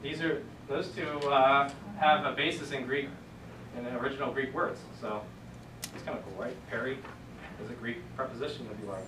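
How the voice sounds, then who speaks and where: A man's voice: mid-range voice, fairly quick, noisy background. A man teaching Greek to a class, explaining patiently step by step in a casual lecture. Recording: echoey classroom from a distant camera.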